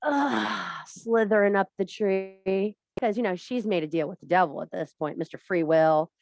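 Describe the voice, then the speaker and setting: A woman leading a workshop, telling an old story in her own irreverent way. She swears freely, checks in with her listeners and keeps things animated. The recording is dry and close-miked. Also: mid-range voice, normal speed, gravelly, no echo. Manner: profane, animated, talks to the audience. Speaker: workshop leader.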